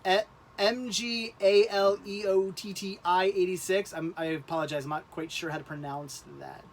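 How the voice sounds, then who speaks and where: High-voiced man rambling on a livestream. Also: steady tone, slight background noise. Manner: rambling, halting, laughs often. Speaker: livestream host. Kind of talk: casual livestream chat.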